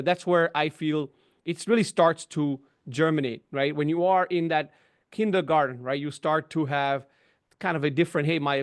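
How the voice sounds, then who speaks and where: A middle-aged man on a video call giving an explanatory webinar talk, often tagging "right?" and "you know". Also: on the high side. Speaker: webinar guest. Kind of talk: conversational webinar discussion.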